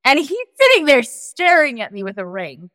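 A woman's voice: high-pitched, huge pitch swings, moderate pace, fairly bright tone, no echo, clean studio sound. A woman telling a personal story on a podcast, rambling and full of "like", acting out what people said. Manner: rambling, full of "like" and acted-out quotes. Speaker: guest storyteller.

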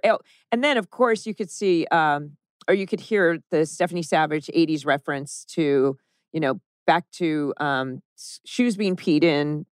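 Lowish woman recapping a tv episode, chatty, laughs a lot, dry sound. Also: animated, a little slow, dry recording. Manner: chatty, laughs often, acts out lines in quotes. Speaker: podcast co-host. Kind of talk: casual chat recapping an episode.

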